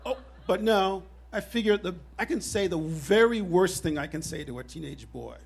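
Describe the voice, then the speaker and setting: A man in his fifties telling a personal story on stage at a live show, animated and wry with self-deprecating humor. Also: sits high, moderate pace, creaky, husky, a faint crowd.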